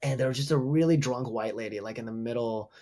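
A man, a stand-up comedian guest, talking loudly in a casual podcast chat, with lots of fillers as he tells stories. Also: mid-range voice, quick pace. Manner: loud, animated storytelling with many fillers.

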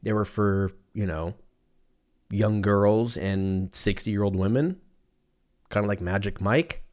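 On his podcast, a thirtysomething man rants casually, speaking slowly in a lowish, somewhat mellow voice. His talk is rambling, sarcastic, and full of profanity.

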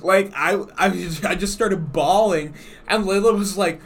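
A man's voice: sits high, unhurried, slight background noise. Young man telling a crude story. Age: young adult. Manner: rambling storyteller, crude slang. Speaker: podcast host. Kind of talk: casual chat.

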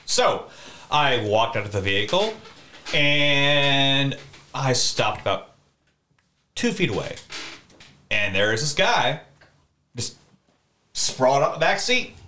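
Casual male podcast co-host, lively up-and-down delivery, sharp bright tone, rambling and profane. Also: medium pitch, takes it slowly, pauses often, slight background noise. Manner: rambling, animated, swears freely. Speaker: podcast co-host telling a story. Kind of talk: casual storytelling chat.

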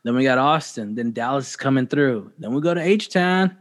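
A man's voice: medium pitch, animated, moderate pace. A man hosting a casual podcast, talking loosely with lots of swearing and joking sound effects. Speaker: podcast host.

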